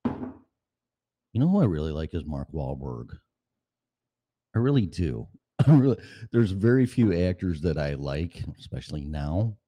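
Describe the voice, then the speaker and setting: In a very deep, mellow, sing-song voice, a middle-aged man rants profanely on his own podcast, unhurried and with long pauses. He records at home in his apartment on a studio mic with headphones, and it is a casual, rambling monologue.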